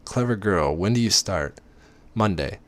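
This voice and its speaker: A man's voice: sits low, animated, measured pace, no echo. A man reading as a brooding, commanding rich man. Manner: murmuring, commanding, dry. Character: controlling wealthy young man, brooding.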